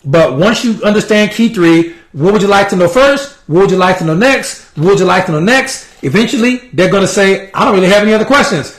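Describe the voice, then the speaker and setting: A man's voice: high-pitched, expressive, brisk, hardly any pauses, reverberant. A man giving casual sales coaching, acting out sample conversations with prospects. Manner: casual, repetitive, acts out sample dialogue. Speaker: sales trainer. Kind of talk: motivational sales coaching talk.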